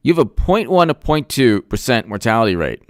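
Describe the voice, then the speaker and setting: Guy ranting sarcastically on a stream, clear smooth voice, dry sound. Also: medium pitch, very animated, brisk, no room sound. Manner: sarcastic, mocking put-on voices. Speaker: political commentator. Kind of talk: live-stream commentary, reading chat.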